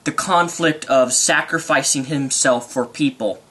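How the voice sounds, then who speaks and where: A young man rambling excitedly through an unscripted movie review vlog. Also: mid-range voice, a little slow, slightly rough.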